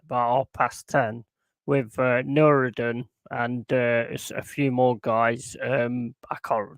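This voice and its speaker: A man's voice: mid-range voice, vocal fry, no echo. A man chatting casually to his live stream viewers in a rambling, sweary way, chuckling often. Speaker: football watchalong streamer.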